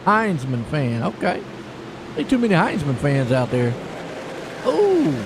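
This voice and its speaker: A man giving live play-by-play on a sim race, folksy and excitable, chatting with viewers between calls. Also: fairly high pitch, a little slow, creaky. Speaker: sim racing commentator. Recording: noisy stream with car engine sound.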